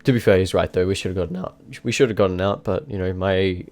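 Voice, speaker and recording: A man's voice: low voice, fast talker, a little mellow. A young man giving casual, rambling gameplay commentary, swearing often and restarting his sentences. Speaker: gaming video creator. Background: faint background music.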